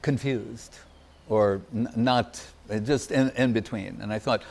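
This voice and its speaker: An older man giving a reminiscing devotional talk as a spiritual teacher, pausing often and searching for his words. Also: lowish voice, gravelly, a little mellow. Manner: halting, searching for words, many pauses.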